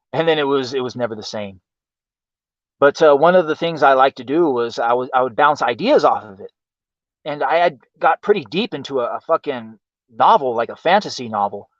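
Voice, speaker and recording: Male host, loose profane rambler, slightly high, dull lo-fi sound, dry. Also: no room sound, distant mic. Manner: rambling and profane, many fillers. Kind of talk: casual monologue. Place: home in the countryside.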